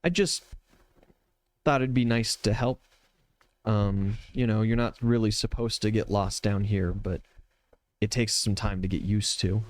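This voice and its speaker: A man's voice: on the low side, fairly even intonation, normal speed, dry recording, natural voice. A man voicing a timid little winged girl who talks hesitantly. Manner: hesitant, soft-spoken.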